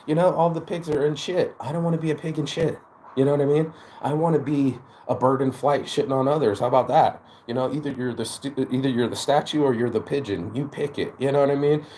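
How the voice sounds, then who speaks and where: A man of middle pitch speaks straight to his audience in a rambling motivational monologue. He is blunt and profane and keeps stumbling into repeated words. A faint background noise sits under his voice. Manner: blunt, profane, animated, with lots of stammered restarts. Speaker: channel host.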